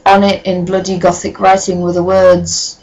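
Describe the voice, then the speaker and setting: Deadpan woman reading aloud with sarcastic asides. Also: fairly low pitch, moderate pace, muffled recording. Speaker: reader of a fan story. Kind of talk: comic dramatic reading with commentary.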